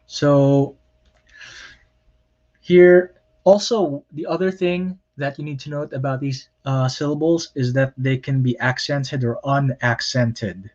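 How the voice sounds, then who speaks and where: A man lectures on grammar at a slow, unhurried pace. He explains plainly and corrects himself often, with frequent ums. The recording sounds dull and lo-fi. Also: mid-range voice, steady tone, a little mellow. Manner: plain explanatory, many fillers and self-corrections. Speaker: Hebrew lecturer.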